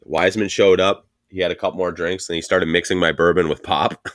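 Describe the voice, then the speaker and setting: A man with a deep, low voice co-hosts a podcast in loose casual chat. He rambles through stories, swears freely and laughs along the way. His voice sounds dry and close, with no room around it. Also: flat delivery, brisk, dry recording. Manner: rambling profane storytelling, laughing often. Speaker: podcast co-host.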